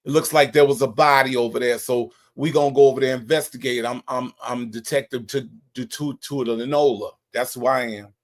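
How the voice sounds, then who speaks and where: A man's voice: medium pitch, steady tone, natural voice. A man putting on the voice of a stammering male TV police detective, stumbling over his own name. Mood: mocking. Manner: halting, stammering self-introduction.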